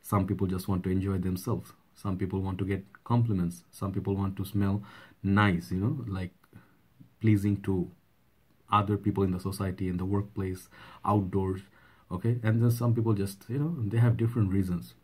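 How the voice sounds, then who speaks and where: A man, hoarse from a cold, chatting casually in a fragrance vlog, rambling with many fillers and asides. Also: sits low, little pitch movement, normal speed, darkish tone. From Bangladesh. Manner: rambling, with frequent "uh" and "okay?". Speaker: fragrance reviewer.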